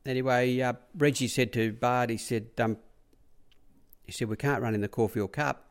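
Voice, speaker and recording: Speaking at a moderate pace in a steady, mid-range voice, an Australian man casually reminisces about working as a track rider. The stories ramble, peppered again and again with "he said" and "I said."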